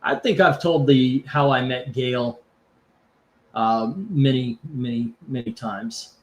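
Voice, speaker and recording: A man's voice: mid-range voice, takes it slowly. Rambling, jokey man hosting a live stream. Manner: rambling and jokey, reads out viewer comments. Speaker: host of a live comic book auction stream. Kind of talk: casual livestream chat.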